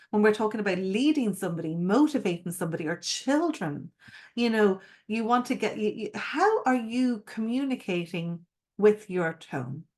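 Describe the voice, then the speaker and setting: A middle-aged woman with a medium-pitched voice, working as a mindset coach, gives a live-streamed masterclass. She speaks expressively and emphatically, putting direct questions to her viewers.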